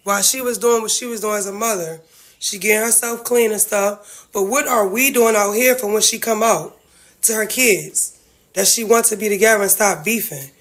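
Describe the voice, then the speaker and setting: Woman going off on a livestream, cussing, real emotional and blunt, mid pitch. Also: moderate pace, fairly bright tone. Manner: blunt, profane, heartfelt. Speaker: reality-TV family member livestreaming.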